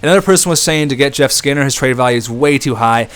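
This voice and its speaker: A young man giving casual, excitable commentary on a hockey video game, chatting to his viewers. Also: medium pitch, fast talker, clean tone. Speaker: gaming YouTuber. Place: home room at a desk with a squeaky chair.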